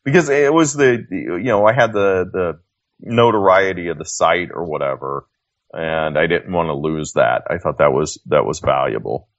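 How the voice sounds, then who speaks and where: A man's voice: deep voice, animated, moderate pace, no echo, lo-fi sound. A man talking as a podcast guest in casual chat, telling a story in a laid-back way and acting out quoted dialogue. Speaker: guest author.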